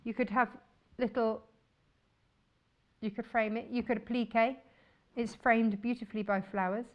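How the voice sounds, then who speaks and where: A woman's voice: fairly high pitch, little pitch movement, moderate pace, dull audio. Gushing woman presenting sewing fabrics. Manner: enthusiastic, gushing, chatty. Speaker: shopping channel presenter. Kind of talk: chatty live sales presentation.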